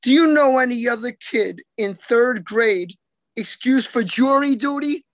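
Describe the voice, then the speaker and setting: A man from New York doing deadpan, self-mocking stand-up one-liners over a video call. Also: very high-pitched, measured pace, no room sound. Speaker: comedian.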